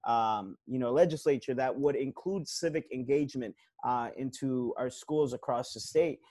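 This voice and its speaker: Earnest man with a dark, mellow voice. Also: medium pitch, normal speed, dry recording. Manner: earnest, lots of um and you know. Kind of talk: casual conversation on civic issues.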